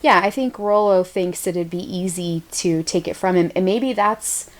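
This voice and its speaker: A woman's voice: fairly low pitch, a little slow. An American woman co-hosting a podcast, chatting casually and laughing often. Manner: giggly, chatty. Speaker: podcast co-host. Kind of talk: casual chat.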